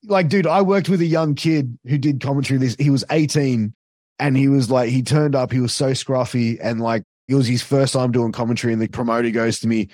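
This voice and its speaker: A man's voice: medium pitch, steady tone, darkish tone, no room sound, clean studio sound. A man, a guest telling stories in casual chat, swearing freely and piling on fillers. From Australia. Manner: swears freely, fast storytelling with many fillers. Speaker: podcast guest, wrestling commentator.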